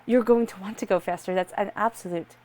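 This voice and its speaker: A woman's voice: mid-range voice, brisk, a little mellow. A woman giving a tarot reading, talking straight to the listener in an earnest, reassuring way. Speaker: tarot reader.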